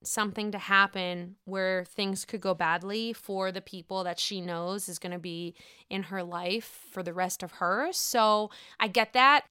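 A woman's voice: mid-range voice, sharp tone, clean tone, no echo, clean studio sound. A young woman hosting a casual podcast, recapping a reality show in a chatty, gossipy way and swearing freely. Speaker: podcast host.

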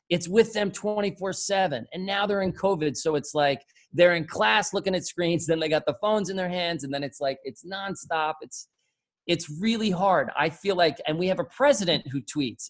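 A middle-aged man chatting casually as a host, rambling and animated, swearing freely and mimicking other people's voices. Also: fairly high pitch, a little fast. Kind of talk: casual chat.

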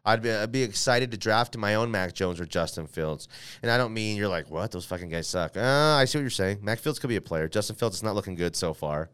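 In a dry recording, this sports podcast host sounds animated and brisk, with a fairly low, slightly bright, clean voice. He reads an ad, then turns to his team, meandering and correcting himself with frequent fillers in casual talk.

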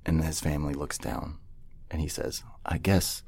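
A man telling a story in a casual group chat, animated and laughing often, swearing freely. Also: extremely low pitch, moderate pace, creaky, slightly rough.

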